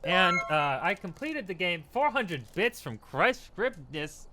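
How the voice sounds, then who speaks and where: A man's voice: high-pitched, big pitch swings, takes it slowly, noisy background. A tipsy man streaming a game, rambling casually, laughing and thanking his chat.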